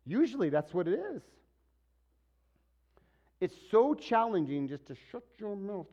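A man preaching a sermon to his church in a lively, conversational way, acting out what people say. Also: sits high, unhurried, lo-fi sound. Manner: animated, conversational preaching with acted-out quotes. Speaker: pastor.

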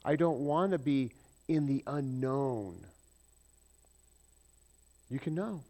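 A male preacher in mid-sermon with a middle-pitched voice. He talks in a lively, conversational way, keeps asking the congregation questions, and shifts often from loud emphasis to quiet asides. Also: takes it slowly. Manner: animated, asks the congregation questions, swings between loud and soft. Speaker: pastor.

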